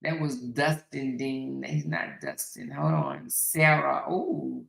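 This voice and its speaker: A woman talking casually to her viewers as a host, speaking in with animated, dramatic exclamations. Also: a bass voice, slow pace, gravelly, roomy sound, rough recording. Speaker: commentary livestream host.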